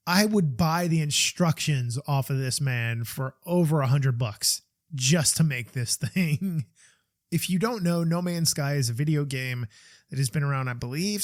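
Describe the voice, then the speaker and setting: A man's voice: a little high, no echo, clean studio sound. A man hosting a podcast, chatting casually and giving candid opinions, with frequent fillers and restarts. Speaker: podcast host.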